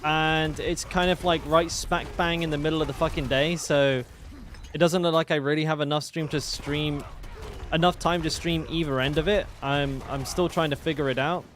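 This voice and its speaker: A man's voice: on the high side, fairly even intonation, moderate pace, fairly bright tone, a little hiss or hum. A British man chatting casually with his stream chat while gaming, joking and swearing. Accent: British English. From Britain.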